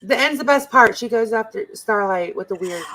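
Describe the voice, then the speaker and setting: A woman's voice: on the high side, lively intonation, normal speed, pushed and bright, low-quality recording. A woman hosting a livestream, chatting casually and explaining things to viewers. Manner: chatty, explains as she goes. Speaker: stream host. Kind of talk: casual live commentary.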